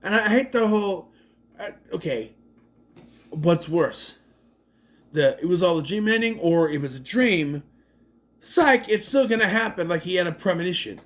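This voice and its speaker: Animated man recapping a movie. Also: high voice, moderate pace, pauses often. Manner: animated, swears, mocks scenes in exaggerated voices. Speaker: movie reviewer. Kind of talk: casual movie recap and review.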